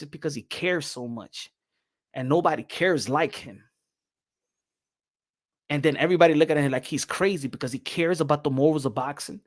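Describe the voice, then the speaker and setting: A man hosting a boxing show, talking in an animated, rambling way and slipping into Spanish. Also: fairly high pitch, fairly quick. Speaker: boxing podcast host. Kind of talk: casual boxing commentary.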